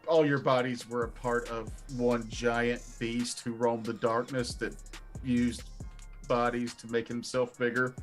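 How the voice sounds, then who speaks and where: A man's voice: mid-range voice, little pitch movement, unhurried, soft background music. A man running a tabletop game as game master, wry and teasing with the players over a voice call.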